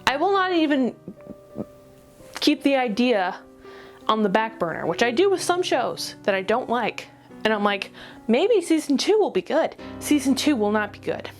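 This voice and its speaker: A woman's voice: on the high side, big pitch swings, faint music behind. Exasperated ranting woman. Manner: exasperated, rapid, swearing. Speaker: anime reviewer. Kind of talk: ranty review vlog.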